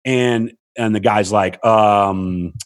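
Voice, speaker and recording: A man's voice: drawn-out words, no echo, clean studio sound. A man telling a long story in casual chat, acting out what people said and swearing freely. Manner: animated, acts out quotes with big pitch jumps, swears freely. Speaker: storyteller guest. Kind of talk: casual chat, animated anecdote.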